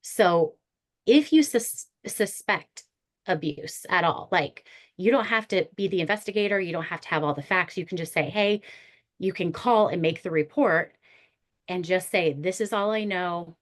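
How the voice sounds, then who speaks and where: A woman therapist who leads ministry workshops, talking earnestly and with animated storytelling in a panel discussion. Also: on the low side, normal speed.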